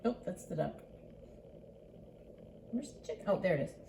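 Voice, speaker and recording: An older woman, a grandmother, reading a picture book aloud in a slow, sing-song way and voicing the animal sounds. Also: fairly low pitch, animated, creaky, mellow, slight background noise.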